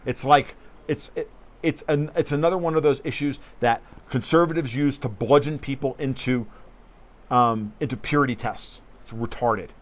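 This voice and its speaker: A man's voice: mid-range voice, moderate pace. A man hosting a casual political livestream, talking bluntly and profanely in a rambling way and reading viewer comments aloud. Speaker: livestream host.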